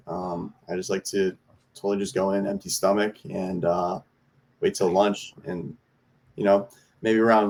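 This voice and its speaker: A man with a fairly low voice answers questions on a podcast. He talks in a relaxed, easygoing way and pauses often with fillers. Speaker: podcast guest. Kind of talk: casual interview chat.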